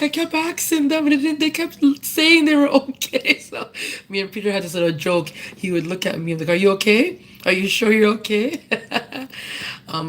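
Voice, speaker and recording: A woman's voice: deep voice, slight background noise, poor audio. A woman giving a personal tribute at a memorial service, telling stories in a chatty way and then making earnest appeals to the audience. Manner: conversational storytelling, earnest appeals.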